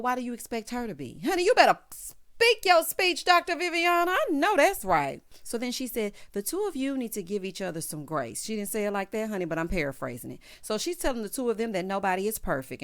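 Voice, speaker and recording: A woman's voice: mid-range voice, animated, quick pace, hardly any pauses, darkish tone. A woman host giving a casual, sassy recap of a reality show, talking with features and peppering her speech with "honey" and "child.". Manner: sassy, chatty, full of "honey" and "child" asides.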